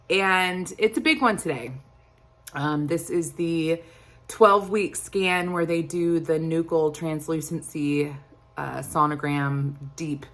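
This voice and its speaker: A young woman holds a candid, chatty chat with her viewers, rambling a little as she goes. Her voice sits slightly low for a woman, relaxed and conversational. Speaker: vlogger. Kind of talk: casual chat.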